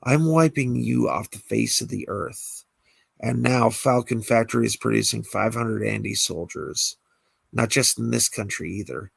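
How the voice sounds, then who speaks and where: A man's voice: lowish voice, measured pace, creaky, husky, dry recording, heavily acted. A man reads a script aloud and voices an armed woman villain who hallucinates, mocking one moment and frantic the next. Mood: scheming.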